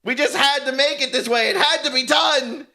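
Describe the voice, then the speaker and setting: A man putting on the voice of a smug, self-pitying male screenwriter, in a shrill, whiny, exaggerated mockery. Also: steady tone, moderate pace, vocal fry, pushed and bright, full character voice.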